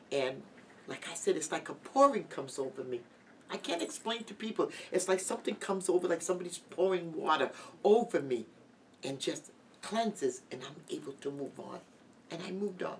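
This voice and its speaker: Middle-aged woman guest, halting heartfelt testimony, mic set back with faint hiss. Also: low voice. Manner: halting, heartfelt, with many restarts. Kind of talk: emotional personal testimony. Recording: distant mic with light background noise.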